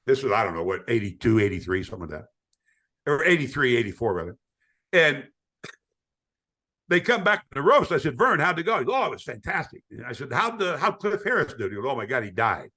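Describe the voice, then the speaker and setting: A man's voice: medium pitch, very animated, brisk, long pauses, pushed and bright. An older man, a retired sportscaster, telling stories in a podcast interview, acting out quoted voices with frequent stammering restarts. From United States.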